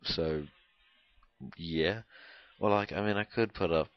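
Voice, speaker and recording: A young man from Canada talks over his gameplay with a rumbling, very low voice. He rambles, hesitates and fills gaps with ums and likes. The recording is dry and dull, like a cheap home mic. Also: slow pace, dry recording. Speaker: gameplay commentator. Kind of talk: rambling casual gameplay commentary.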